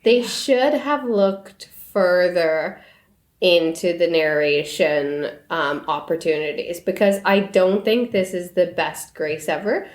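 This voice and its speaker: A woman's voice: lowish voice, slow. Chatty woman in an echoey room. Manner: animated, laughs often. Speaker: podcast co-host. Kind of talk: casual book chat.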